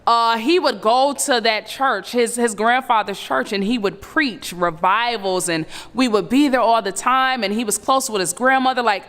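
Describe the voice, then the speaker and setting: A woman in her thirties earnestly recounting a painful personal story, halting and full of fillers. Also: a little high, fairly bright tone, long reverb tail. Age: 30s. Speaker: survivor telling her story. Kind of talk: personal testimony.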